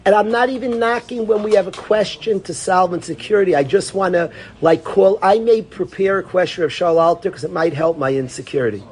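A man's voice: high-pitched, fairly quick, few pauses. A man teaching an informal Torah class, talking conversationally, repeating phrases and calling on students by name.

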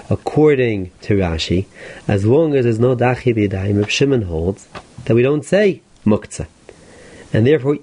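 A man, a rabbi, teaching a Talmud lesson in a steady explanatory way, stressing key points. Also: mid-range voice. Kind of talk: Talmud lecture.

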